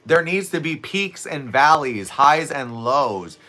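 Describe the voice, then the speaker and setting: A man hosting a casual live stream, talking to viewers with lots of energy and quick laughs. His voice is a bit scratchy and worn from hours of talking and teaching, with a bright, forward tone. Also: fairly high pitch. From Southwest Florida. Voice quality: slightly raspy, scratchy from overuse. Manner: chatty, animated, laughs often, talks to viewers' comments. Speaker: live streamer and fitness instructor. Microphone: streaming setup close to camera.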